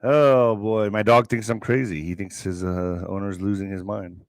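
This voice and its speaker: A man's voice: lowish voice, little pitch movement, normal speed, dry recording, low-quality recording. A man hosting an online commentary show, reading news items aloud and breaking off into profane, sarcastic asides. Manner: profane, sarcastic asides between read headlines.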